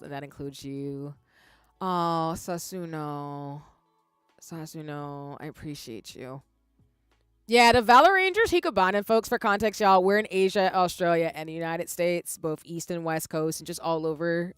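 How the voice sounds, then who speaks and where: A woman streamer chatting casually with her viewers, expressive and swinging from soft-spoken to loud exclamations. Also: lowish voice, clear, resonant tone, no echo.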